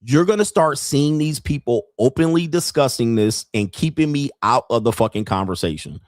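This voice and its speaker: A man hosts a podcast and rants in blunt, profane commentary. He mocks freely and often breaks into laughter. His voice sits at an ordinary middle pitch and sounds close and dry, with no room around it. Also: expressive, moderate pace, no echo. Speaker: podcast host and dating commentator. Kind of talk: casual podcast rant.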